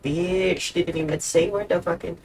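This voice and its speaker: A woman's voice: fairly low pitch, fairly even intonation, normal speed, noisy background. A woman streamer chatting casually while she plays a game, swearing often and talking to the characters on screen. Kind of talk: casual gameplay commentary.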